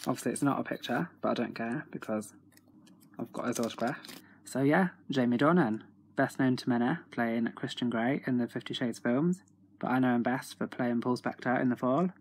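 A young man with a freely swearing, excitable manner, chatting casually at home in a video diary. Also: mid-range voice, breathy edge. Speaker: autograph collector vlogger.

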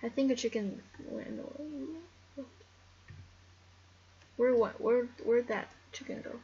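A woman giving casual, excitable game commentary, rambling and talking to the animals on screen. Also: fairly high pitch, slow, long pauses, slightly rough, dull audio. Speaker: gameplay commentator.

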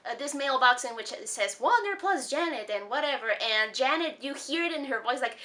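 A woman's voice: sits high, animated, brisk, few pauses, sharp tone. A woman recapping a cartoon episode in a casual, rambling vlog, with lots of fillers and laughs. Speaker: cartoon reviewer. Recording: voice a bit distant from mic.

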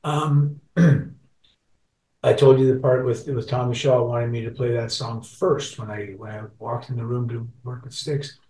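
A man's voice: mid-range voice, fairly even intonation, normal speed, a little mellow. An older man in his sixties tells a long story as an interview guest, stumbling and restarting often. He sits away from the mic, so his voice comes through distant and roomy. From Scotland, raised in Canada. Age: 60s. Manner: rambling, many restarts and repeats. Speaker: guest musician.

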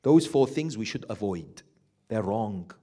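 A man giving a sermon as a sheikh, asking his listeners questions and acting out parents, reciting Arabic verses quickly. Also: on the low side. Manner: animated, asks the audience questions and acts out quoted parents. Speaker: sheikh giving a Muharram lecture.

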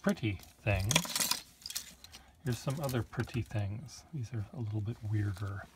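A man's voice: lowish voice, unhurried, noisy background. A man casually showing his collection of old pens, rambling with joking asides. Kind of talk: casual show-and-tell.

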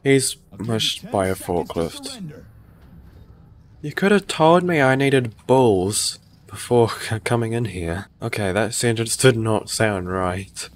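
Slightly ill and foul-mouthed, this male let's-player offers laid-back commentary for his gaming YouTube channel, full of jokes and sarcasm. His lowish voice has lively intonation, he speaks slowly, and there's slight background noise.

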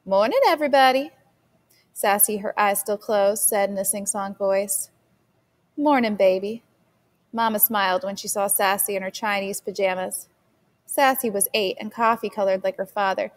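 A woman teacher reads a novel chapter aloud for her class, steady and clear in her storytelling. Her voice sits at an everyday middle pitch. A long reverb rings around every sentence. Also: moderate pace.

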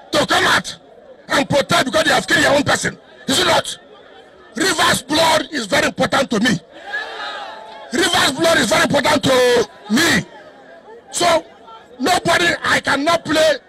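A man with a Nigerian accent, a state governor addressing a crowd in a loud, defiant, repetitive way. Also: very high-pitched. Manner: repeats himself, cuts in with "hold on"; defiant, declamatory.

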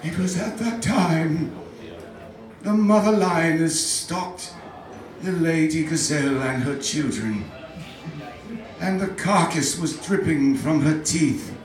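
Comic voicing a slow, tired British nature narrator, solemn; roomy, far-off sound. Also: male voice, a little high, soft background music, pitched above the performer's own voice.

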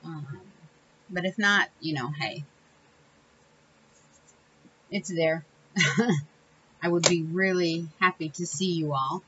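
A crafting channel host chats casually through a tutorial, rambling, correcting herself, and giving small laughs. Her voice is low and sharp, slow with long pauses, and the recording is muffled with slight background noise.

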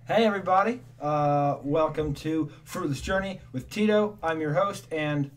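A man's voice: fairly high pitch, normal speed. A man hosting a casual game stream, rambling and self-deprecating with lots of fillers. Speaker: host. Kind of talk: casual gameplay chat.

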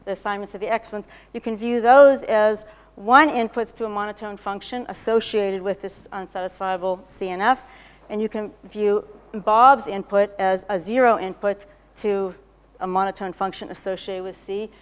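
A woman giving a technical lecture, explaining step by step, often checking with "okay?" and clearing her throat. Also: medium pitch, fairly even intonation, normal speed. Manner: explanatory, frequent "okay?" checks and self-corrections. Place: lecture hall. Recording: lecture hall reverb.

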